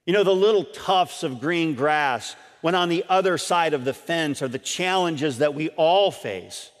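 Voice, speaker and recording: A man's voice: on the high side, a little slow. A man pastor preaching a sermon earnestly, repeating key points and putting questions to his congregation. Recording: long reverb of a church hall.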